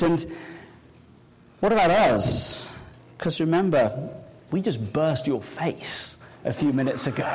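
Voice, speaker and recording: A man's voice: high voice, poor audio. A man preaching in a church, playful and chatty with the children and the congregation. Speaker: pastor. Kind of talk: sermon with a live object lesson. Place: church sanctuary with balcony.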